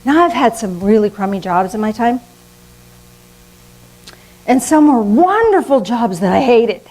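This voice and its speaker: An older woman preaching a sermon in a lively, conversational way, often laughing at herself. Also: a little high, measured pace, rough recording. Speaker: minister.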